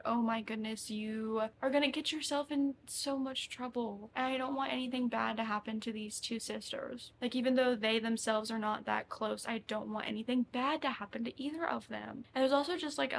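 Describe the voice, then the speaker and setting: A woman's voice: a little high, steady tone, brisk, creaky, hardly any pauses. A young woman with a slightly raised voice chats casually for her reading vlog. She gushes and gets emotional as she talks about books. A faint hum of the room sits behind her. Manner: emotional, gushing and chatty. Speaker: book vlogger.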